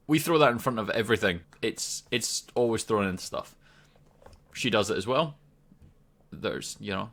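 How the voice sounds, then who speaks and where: A man's voice: lowish voice, animated, normal speed, long pauses, a bit bright. A Scottish man from Scotland hosting a casual gaming video, chatting loosely with frequent ums and restarts. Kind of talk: casual game commentary to camera.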